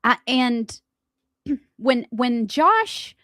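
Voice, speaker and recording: A fairly high-voiced woman co-hosts a morning radio show. She talks loudly and with feeling, her pitch leaping all over the place. The sound is dry and close, as from a studio mic. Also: very slow, no echo. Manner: loud, animated, talks with emotion. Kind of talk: casual on-air banter.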